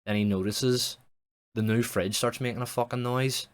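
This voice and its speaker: A man's voice: medium pitch, fairly even intonation, moderate pace, clean tone. A young man improvising a comic story as a streamer, rambling and swearing, with many restarts.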